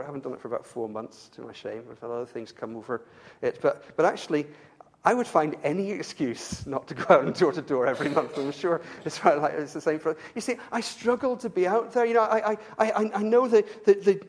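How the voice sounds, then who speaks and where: An English man preaching a sermon to his congregation, earnest, repeating words as he builds to his point. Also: a little mellow. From England. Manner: earnest, repeats words when stirred, pitch rises with fervor. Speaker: pastor.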